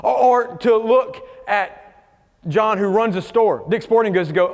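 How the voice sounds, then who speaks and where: A man preaching a sermon as pastor, animated, acting out quoted voices as he goes. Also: high-pitched, unhurried, long reverb tail. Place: church sanctuary.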